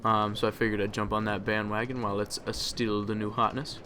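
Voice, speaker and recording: A man's voice: lowish voice, level tone, a little fast, sharp tone, slight background noise. A man hosting a let's play, chatting casually over his gameplay and rambling with many ums and uhs.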